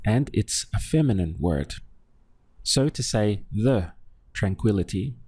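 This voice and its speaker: A Spanish teacher with a fairly low, warm, expressive voice and a breathy edge leads a slow, deliberate language lesson. He patiently models words and pauses to quiz the listener, recorded dry and close with no room echo.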